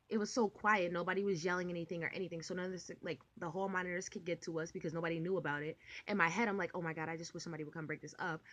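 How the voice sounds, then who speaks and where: Young woman vlogger, low-pitched, casual storytime delivery, rambly and animated with lots of filler. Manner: rambling, animated, full of "like" and swearing.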